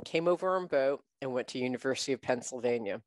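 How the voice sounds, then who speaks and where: A woman interviewing an author, attentive and casual, speaking in a relaxed, chatty way. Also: very deep voice, fast talker, slight background noise. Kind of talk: interview conversation.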